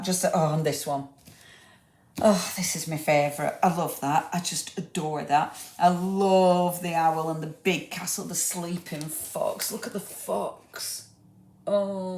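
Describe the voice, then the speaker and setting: A woman's voice: fairly low pitch, a little mellow. A woman hosting a live craft show, chatty and gushing as she shows each item and talks to viewers by name. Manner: talks to viewers by name, asks them questions. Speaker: craft livestream host. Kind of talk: live product demonstration. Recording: echoey room.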